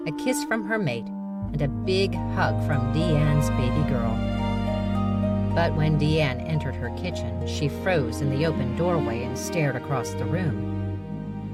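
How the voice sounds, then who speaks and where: A woman narrating an audiobook in a steady, even storytelling manner. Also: low voice. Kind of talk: scripted narration.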